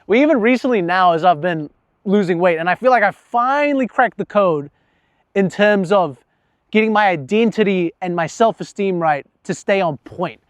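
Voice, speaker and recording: A man's voice: high-pitched, expressive, normal speed, dry recording. A young man talking candidly about himself in a casual, profane vlog monologue, laughing at himself now and then. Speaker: vlogger.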